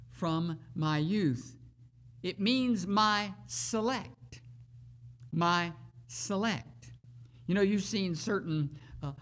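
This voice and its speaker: A preacher reads scripture aloud and expounds on it in a sermon. The delivery is extremely slow and measured, with long pauses between phrases. Important words are repeated for emphasis. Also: mid-range voice.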